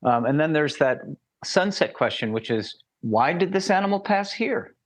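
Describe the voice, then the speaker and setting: A man hosting a conversation who tells stories animatedly and acts out dialogue. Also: normal speed. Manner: animated, acts out dialogue with lively pitch jumps. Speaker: interviewer and mentoring teacher. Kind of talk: casual interview storytelling.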